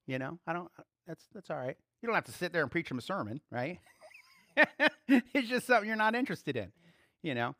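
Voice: mid-range voice, a little fast, no room sound, studio quality. A pastor giving an informal, conversational sermon, acting out quotes and small voices and chuckling now and then. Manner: animated, acts out little voices and quotes.

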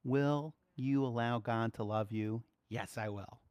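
A man preaching a sermon, swinging between soft, quiet asides and loud, excited exclaiming. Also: medium pitch, unhurried, no echo, highs cut off.

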